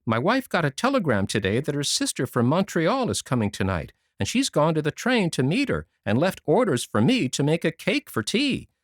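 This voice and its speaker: A man's voice: on the high side, huge pitch swings, moderate pace, hardly any pauses, no room sound, studio quality. A man reading a storybook voices a meek, flustered middle-aged farmer who speaks politely and with embarrassment.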